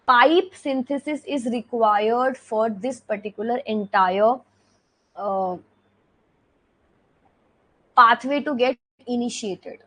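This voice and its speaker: A woman's voice: a little high, slow, long pauses, pushed and bright, low-quality recording. Indian woman teaching a revision lecture. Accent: Indian English. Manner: explanatory, repeats key points with frequent "okay".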